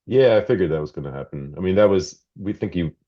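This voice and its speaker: A man's voice: low-pitched, expressive, fast, dull audio. A man co-hosting a podcast, reacting in a laid-back, hesitant way in casual chat. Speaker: podcast co-host.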